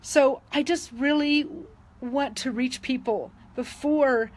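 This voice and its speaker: A woman's voice: high-pitched, slow pace, a little mellow, slight background noise, poor audio. A middle-aged woman telling a personal story in a casual, earnest and emotional way, with many fillers and restarts. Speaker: wellness advocate sharing testimonies.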